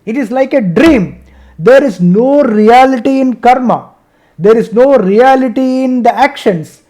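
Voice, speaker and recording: Guy teaching gita on a video call, high voice, chants sanskrit then explains slow, keeps saying right?. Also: mellow. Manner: explains slowly, repeats points, asks "right?"; chants Sanskrit verses between English explanation. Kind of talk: scripture discussion lesson.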